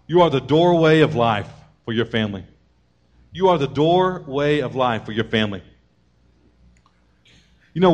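A man preaching a sermon to mothers, energetic and conversational, acting out short scenes of family members as he goes. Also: mid-range voice. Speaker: pastor.

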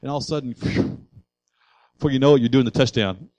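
A male pastor preaching a sermon with passion, building up to loud declarations. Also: medium pitch, quick pace, no room sound, low-quality recording.

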